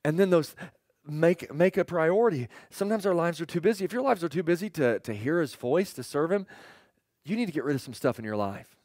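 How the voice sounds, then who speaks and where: A middle-aged pastor delivers a sermon, telling stories with animation and acting out quoted voices that leap up suddenly and then fall quiet. His voice is slightly high and his pace brisk. The recording is studio quality with no room sound.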